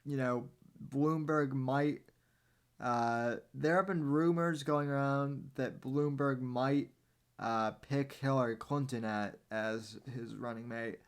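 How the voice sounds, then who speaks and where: Male podcast host, casual political commentary, slow and meandering, clean voice. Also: medium pitch, clear, resonant tone. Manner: meandering, halting, sarcastic asides.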